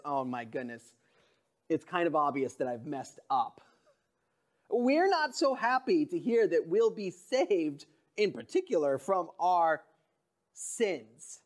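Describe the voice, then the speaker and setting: A man preaching a sermon in a church, talking in an earnest, conversational way that often drops to a soft, quiet voice. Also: high-pitched, big pitch swings, a little slow. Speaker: pastor.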